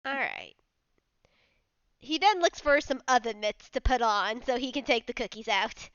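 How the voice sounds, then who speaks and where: A woman calmly narrating her character's actions in a casual tabletop role-play. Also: on the high side, unhurried, clear, resonant tone, no echo. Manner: calm, plain action narration. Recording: dull, dry lo-fi mic.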